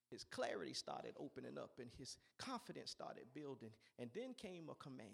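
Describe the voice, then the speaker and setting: A man's voice: fairly high pitch, sing-song, a little fast, gravelly, few pauses, fairly bright tone, husky. A man preaching a sermon in an emphatic, repetitive way, urging his listeners on.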